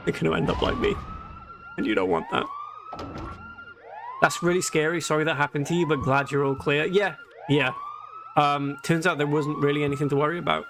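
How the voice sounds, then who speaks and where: A man with a fairly high voice chats and jokes while live-streaming a video game, reading its text aloud a little fast and pausing often. Game music and a siren alarm play in the background, along with other noise.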